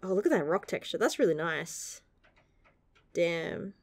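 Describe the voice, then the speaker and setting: A woman's voice: fairly low pitch, unhurried, no room sound. Gushing young woman reviewing manga, dry sound. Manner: gushing and excitable, laughs often, swears casually. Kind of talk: casual chapter review.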